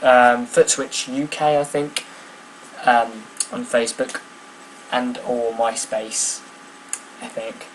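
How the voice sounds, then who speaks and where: A man's voice: mid-range voice, steady tone, slow pace, long pauses, background noise. A young man chatting casually to camera, rambling and self-mocking with many ums. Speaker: vlogger. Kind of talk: casual vlog chat.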